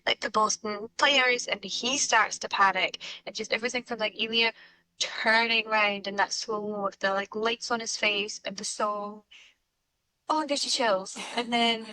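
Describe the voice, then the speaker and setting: A woman's voice: on the high side, steady tone, normal speed, bright, forceful tone, dry recording, low-quality recording. A woman guest on a podcast, chatting casually and rambling with lots of fillers. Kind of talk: casual chat.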